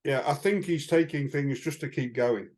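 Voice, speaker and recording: A man's voice: on the high side, normal speed, darkish tone. A man, co-hosting a podcast and recounting anecdotes in a casual, rambling way, with fillers and chuckles. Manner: chatty anecdotal storytelling with frequent fillers and chuckles. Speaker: podcast co-host. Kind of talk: casual chat.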